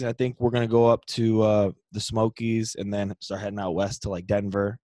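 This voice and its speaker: Young man, podcast co-host, cursing storyteller, deep voice, dry room. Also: brisk, no echo. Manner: profane, animated storyteller acting out dialogue. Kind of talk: casual storytelling chat.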